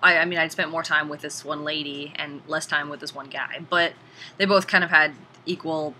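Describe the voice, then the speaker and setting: A woman casually reviewing a video game in an animated, chatty way, sometimes swearing. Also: low-pitched, normal speed, a little hiss or hum, rough recording.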